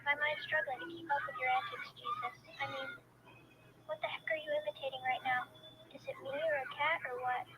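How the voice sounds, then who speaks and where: High-pitched AI woman narrating role-play. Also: very animated, brisk, background noise. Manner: narrates in first person, keeps exclaiming. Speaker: AI chat character. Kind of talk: AI voice chat role-play, narrating own actions.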